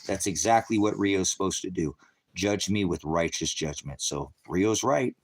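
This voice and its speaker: Deep-voiced cursing preacher, ranting. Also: male voice, moderate pace, slightly rough. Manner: angry, cursing, swings from shouting rants to soft murmurs. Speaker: ministry preacher. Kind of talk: impassioned livestream preaching.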